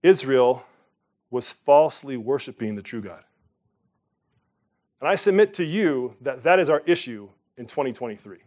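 A middle-aged man preaching a sermon from the pulpit, emphatic and animated, with sudden loud rises. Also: medium pitch, moderate pace, long pauses. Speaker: pastor.

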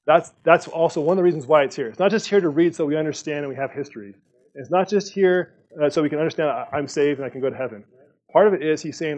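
A man teaching a Bible study in a relaxed, conversational way, thinking aloud with fillers and restarts. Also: a little high. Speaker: pastor. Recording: dull lo-fi sound.

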